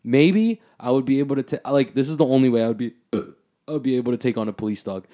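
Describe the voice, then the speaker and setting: A man's voice: medium pitch, quick pace, warm tone. A young man on a podcast, telling a story in casual chat, rambling and swearing a lot and saying "like" constantly. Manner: rambling, profane, full of "like".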